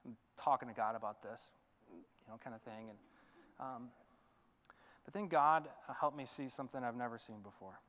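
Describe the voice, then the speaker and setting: Bright-voiced animated male pastor. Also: mid-range voice, normal speed, long pauses, long reverb tail. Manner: animated, chatty, many fillers. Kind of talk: storytelling sermon. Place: church sanctuary.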